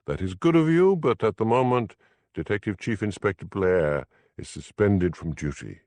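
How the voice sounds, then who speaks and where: A pompous police superintendent with a smooth, self-important and dismissive way of talking, as a male narrator puts him on. He sits a little higher than the narrator's low voice, in an audiobook reading. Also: animated, moderate pace, a little mellow, no room sound.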